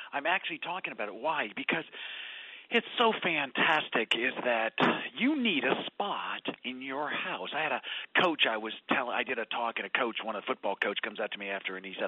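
Man, author guest, animated storyteller, lively pitch, husky voice, tinny phone line. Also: brisk, no echo. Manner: animated, telling stories and acting out quotes. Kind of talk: radio interview by phone.

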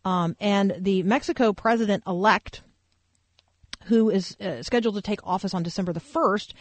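A woman's voice: fairly low pitch, no echo. A woman hosting a faith talk radio program. She comments on the news in a loose, conversational way, full of filler words and thinking aloud. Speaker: radio talk show host.

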